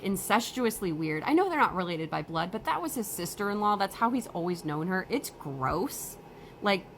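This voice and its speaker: A woman's voice: medium pitch, slight background noise, low-quality recording. A young adult woman telling a personal story casually, emotional and upset while she holds back tears. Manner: emotional, upset, swings between loud and quiet.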